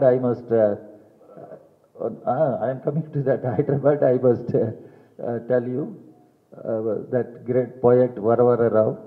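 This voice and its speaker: An older man with an Indian English accent delivers a press statement at a measured, very slow pace, leaning hard on each key phrase and repeating it. The sound is narrow and tinny, as if heard down a phone line, and it carries a long echo from a big hall. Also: medium pitch. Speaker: party general secretary at a press conference.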